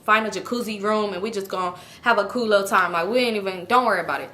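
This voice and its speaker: A woman's voice: mid-range voice, fast talker, pushed and bright, lightly acted. A woman quoting her boyfriend, a young man talking in a laid-back, coaxing way.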